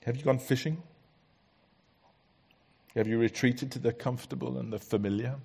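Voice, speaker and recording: A man preaching a sermon in a church, earnest and conversational, letting many lines drop soft. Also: mid-range voice, fairly even intonation, normal speed, vocal fry, slightly rough.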